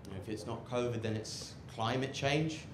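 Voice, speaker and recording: A man's voice: mid-range voice, moderate pace, a little hiss or hum. A man doing live stand-up comedy in a sardonic, rambling way, often cutting himself off. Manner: rambling, self-interrupting, sardonic. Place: rooftop comedy club. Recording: echoey live venue with loud crowd.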